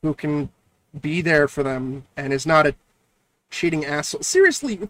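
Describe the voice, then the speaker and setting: A man co-hosting a casual podcast chat, excitable and profane, often stumbling and repeating words. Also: on the high side, normal speed. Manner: excitable, swears a lot, stumbles over words. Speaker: podcast co-host.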